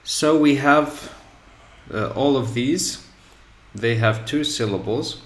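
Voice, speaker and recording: Male teacher, measured slow delivery, mid-pitched, repeats example words, echoey classroom sound. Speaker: English teacher. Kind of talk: grammar lesson. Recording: echoey room.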